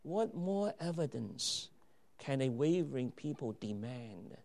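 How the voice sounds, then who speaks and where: A man delivers a sermon with a gravelly, creaky edge to his voice. His pitch sits in the middle range. He preaches emphatically, rising to loud declarations and dropping to quiet asides. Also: sing-song, takes it slowly. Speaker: pastor.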